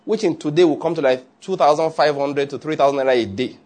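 A man's voice: on the high side, fast talker, darkish tone. A man preaching a conversational sermon, often checking that listeners follow.

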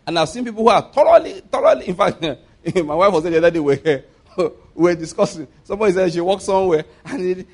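Speaking quickly, this Nigerian-accented preacher's voice sits unusually high as he delivers an energetic sermon. Rhetorical questions come rapid-fire at his audience, punctuated by frequent chuckles as he argues each point.

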